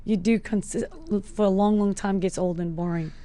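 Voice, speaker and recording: A South African woman in her forties guests on a podcast, chatting casually in a lively way, laughing often and acting out her own quoted lines. Her mid-range voice is smooth and she talks fairly quickly.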